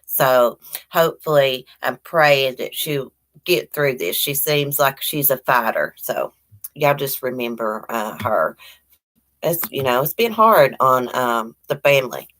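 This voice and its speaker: Low-voiced woman chatting live. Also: unhurried. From Virginia, US. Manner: chatty, greets viewers by name, warm and rambling. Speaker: livestream host. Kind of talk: casual live-chat morning talk.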